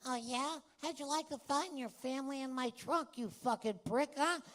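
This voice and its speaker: A man's voice: extremely high pitch, normal speed, a bit bright, voice pushed up. A man doing an impression of a hot-tempered, threatening middle-aged tough guy, snarling and profane. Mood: menacing.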